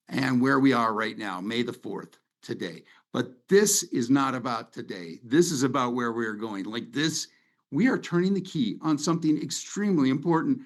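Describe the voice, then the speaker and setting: Rambling middle-aged man hosting a webinar. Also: medium pitch. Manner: conversational, rambling, sentimental. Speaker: webinar host. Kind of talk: casual presentation over slides. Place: home office. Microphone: video call.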